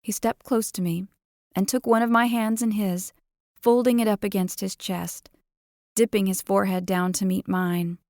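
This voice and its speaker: A woman's voice: medium pitch, moderate pace, no room sound. Dry, close-miked woman reading romance. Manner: expressive, playful first-person storytelling. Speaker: audiobook narrator. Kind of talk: first-person romance audiobook narration.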